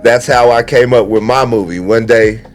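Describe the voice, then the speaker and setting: A man casually telling funny stories in a relaxed chat, acting out the quoted lines. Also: medium pitch, normal speed, faint music behind. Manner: animated storyteller, acts out quoted lines. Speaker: guest comedian.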